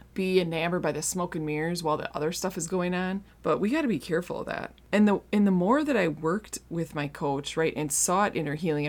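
Low-voiced woman giving earnest faith talk. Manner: earnest, conversational, addresses listeners directly. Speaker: podcast host and marriage coach client. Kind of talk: faith-based casual talk.

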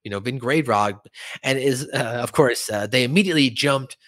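A man's voice: medium pitch, normal speed, fairly bright tone. A man co-hosting a podcast, chatty and laughing often as he recaps an episode. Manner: chatty, laughs often, slips into character voices. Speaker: podcast co-host. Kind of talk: casual episode recap chat.

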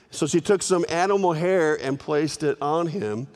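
Slightly high-voiced guy preaching, animated, echoey big hall. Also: moderate pace. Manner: animated, repeats words for emphasis, acts out characters. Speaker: pastor. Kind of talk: sermon storytelling. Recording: reverberant hall.

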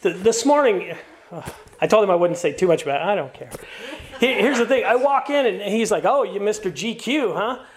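Male pastor, middle-aged, high pitch; sermon with warm stories and strong calls to finish well. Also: expressive, brisk. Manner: storytelling with playful asides; earnest, encouraging exhortation.

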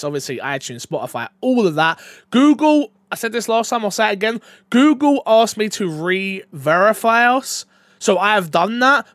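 A man hosting a casual gaming podcast, joking and animated, dropping from loud bursts to mumbled asides. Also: high voice, no echo, clean studio sound. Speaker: podcast host.

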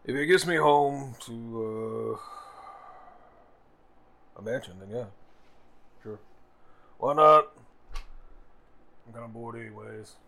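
A man's voice: mid-range voice, slow pace, gravelly, long pauses, sharp tone. A man playing his character in a tabletop game, laid-back and wry, with frequent hesitations. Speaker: player. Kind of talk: in-character tabletop role-play.

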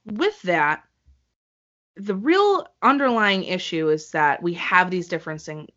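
A woman co-hosting a casual podcast chat, an animated storyteller who acts out the voices she quotes. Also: lowish voice, a little slow. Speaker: podcast co-host. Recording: slightly dull lo-fi audio.

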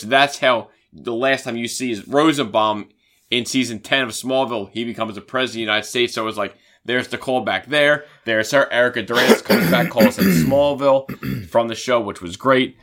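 Guy with a bright forceful voice, rambling fan chat, keeps restarting. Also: mid-range voice, normal speed. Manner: rambling, restarts often, excited fan talk. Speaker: podcast co-host. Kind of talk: casual chat.

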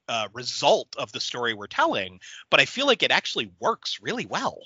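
Male podcast co-host, bright tone, loose casual chatter, dry dull recording. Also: mid-range voice, normal speed, dry recording. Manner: animated, swears freely, laughs loudly. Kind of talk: casual movie-remake brainstorming chat.

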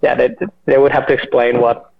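A man in casual chat, halting and full of fillers and restarts. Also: medium pitch, level tone, gravelly. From Mexico. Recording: muffled lo-fi audio.

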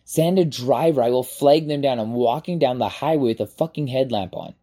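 A man in his forties, a podcast host, telling a personal story in a casual, animated way and swearing freely. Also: mid-range voice, normal speed. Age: 40s.

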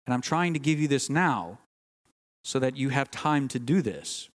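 A man's voice: medium pitch, expressive, moderate pace, long reverb tail. A man preaching a sermon, earnest and teaching, stressing key words and sometimes restarting phrases. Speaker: pastor.

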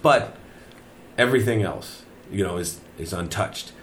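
A man's voice: fairly low pitch, lively intonation, unhurried, slight background noise. Laid-back swearing man hosting. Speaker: podcast host. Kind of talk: casual chat. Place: old manor house.

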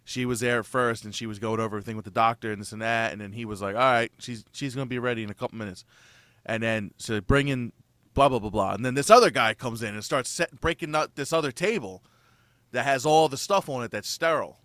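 A man's voice: mid-range voice, fast, a bit bright, no echo. A young man in casual chat, telling a story in a rambling way, swearing freely and acting out his own reactions. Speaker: new father telling a birth story.

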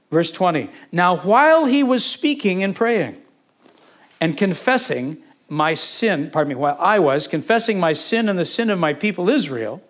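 A pastor giving a sermon, teaching from scripture in a conversational way, with asides and questions put to the congregation. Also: male voice, sits high. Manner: conversational, with asides and self-corrections.

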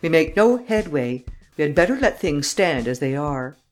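A man's voice: a little high, sing-song, normal speed, soft background music. A man doing a flustered wealthy banker. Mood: stubborn.

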